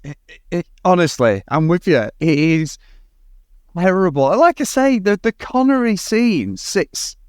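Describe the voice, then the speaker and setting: A man with a fairly high, lively voice that swings widely in pitch spins sweary anecdotes in a relaxed film chat. The recording is dry and close. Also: unhurried, clean tone, no echo. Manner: animated, sweary storyteller. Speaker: podcast co-host. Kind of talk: casual film review chat.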